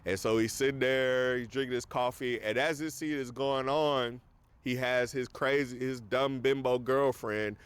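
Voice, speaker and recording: A man's voice: mid-range voice, steady tone, measured pace, smooth, no echo. A man hosting a casual film review, retelling scenes in a rambling way full of fillers.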